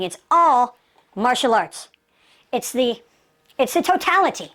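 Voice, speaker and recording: A woman giving a motivational martial arts lecture, emphatic, asking rhetorical questions and repeating key phrases. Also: sits high.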